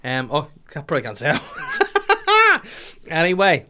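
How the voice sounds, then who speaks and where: Animated man telling stories. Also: fairly high pitch, quick pace. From Northern Ireland. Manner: animated, profane, acts out voices in anecdotes. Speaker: podcast host. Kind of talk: comic storytelling chat.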